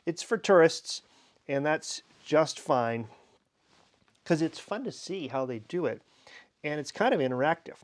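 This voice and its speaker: A man's voice: on the high side, animated, measured pace, pauses often. Chatty man hosting a tasting vlog. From Minnesota, USA. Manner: chatty, jokey, rambling anecdotes with fillers. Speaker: wine educator and vlog host. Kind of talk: casual tasting vlog with storytelling.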